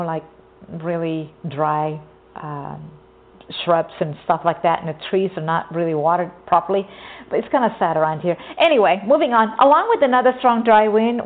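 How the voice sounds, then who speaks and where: A young woman from California talking casually as a podcast host, rambling and conversational, often circling back to earlier points. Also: lowish voice. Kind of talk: casual informational monologue. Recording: tinny phone-like audio.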